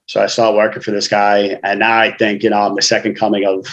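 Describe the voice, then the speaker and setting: New guy, kinda low voice, telling his story straight up, lots of "you know", easy conversational tone. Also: flat delivery, fast talker, dull audio, a little hiss or hum. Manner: frank, streetwise, peppered with "you know". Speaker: guest author.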